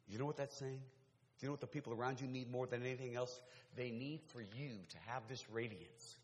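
A male pastor preaching a sermon, swinging from quiet, intimate talk to loud, fervent exhortation. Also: mid-range voice, fast talker, long reverb tail, slight background noise.

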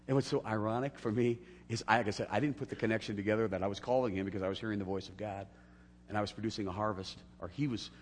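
A man's voice: fairly low pitch, slight background noise. Storytelling male pastor in an echoey hall. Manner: storytelling, acting out dialogue with big swings from hushed to loud. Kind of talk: sermon.

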